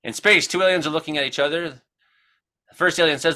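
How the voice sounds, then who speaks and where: A man's voice: fairly high pitch, brisk, pushed and bright. A Canadian man hosting a comedy weather show, chatting casually, joking and swearing freely.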